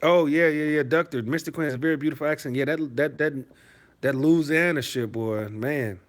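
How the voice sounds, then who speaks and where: A man's voice: fairly high pitch, fairly quick. A man from Detroit hosting a live stream, reading out chat messages and answering them in a rambling, profane, mocking way. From Detroit, USA.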